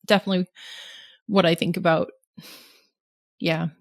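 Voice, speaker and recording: A woman hosting a podcast, chatting casually and often affirming her guest with quick "mm-hmm"s. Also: on the low side, little pitch movement, creaky, no echo, clean studio sound. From California. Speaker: podcast host. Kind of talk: casual conversational interview.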